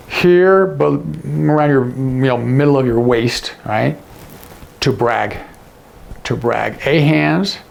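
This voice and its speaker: A man teaching sign language to camera, explaining each sign and often dropping to a hush on the example words. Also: mid-range voice, vocal fry.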